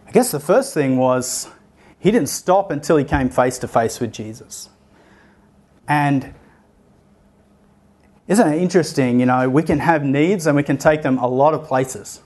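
A man's voice: fairly high pitch, lively intonation, unhurried, pauses often, darkish tone. A young man giving a sermon, telling a story and acting out the voices of the people in it. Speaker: preacher.

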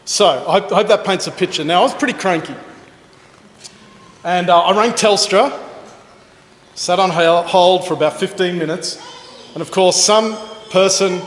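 A fairly high-voiced Australian man preaching in a church hall, his voice ringing back off the walls with a long reverb tail. His talk is chatty and joking, and he pokes fun at himself as he tells stories to the congregation. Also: a bit bright. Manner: chatty, joking, self-deprecating. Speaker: pastor. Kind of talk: conversational sermon with anecdotes.

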